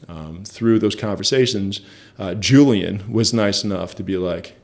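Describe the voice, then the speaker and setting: A man's voice: low-pitched, measured pace, a little mellow. A man telling a story in a casual interview, chatty and self-deprecating. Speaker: interview guest.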